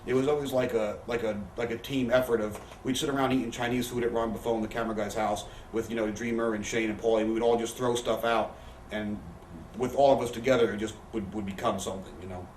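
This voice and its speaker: Male interview guest, rapid rambling storyteller with salty language; roomy home recording, faint hiss. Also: on the low side, steady tone, a little mellow, distant mic. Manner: profane, rambling anecdotes with quoted voices. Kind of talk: candid storytelling. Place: living room.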